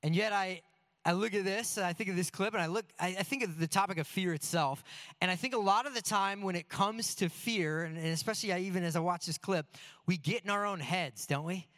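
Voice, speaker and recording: A man on a church staff telling a humorous story in a sermon, animated and poking fun at himself. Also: high-pitched, brisk, no room sound. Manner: animated, self-deprecating anecdotes. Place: church sanctuary before a congregation.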